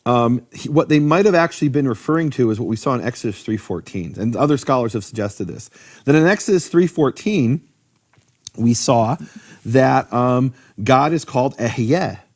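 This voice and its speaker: A man teaching in a conversational lecture about biblical names, animated, posing rhetorical questions and often restarting his sentences. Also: medium pitch, normal speed. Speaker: Bible teacher explaining Hebrew names.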